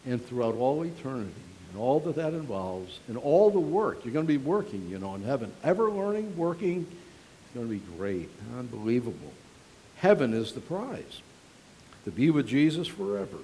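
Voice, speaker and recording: Animated preaching man, lively pitch. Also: moderate pace, slight background noise. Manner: animated, storytelling, frequent restarts. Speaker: pastor. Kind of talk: conversational sermon.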